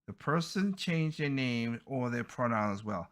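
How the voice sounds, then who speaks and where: A man's voice: mid-range voice, expressive, a little slow, fairly bright tone. A man hosting a podcast, giving heated, blunt opinion commentary and often stumbling over and repeating his words. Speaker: podcast host.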